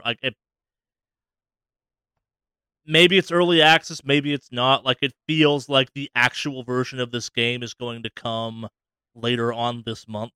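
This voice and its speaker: Man, podcast co-host, bright crisp voice, dry close sound, rambling gamer chat. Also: medium pitch, dry recording. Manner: rambling, many restarts, animated voices for quotes. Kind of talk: casual chat about video games.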